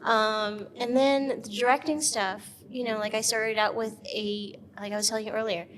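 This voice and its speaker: A woman's voice: on the high side, moderate pace. A woman guest in an interview, chatting casually and animatedly, laughing often and filling her talk with "like" and "um". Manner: animated, laughing, lots of fillers like "like" and "um". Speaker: guest, actress and filmmaker.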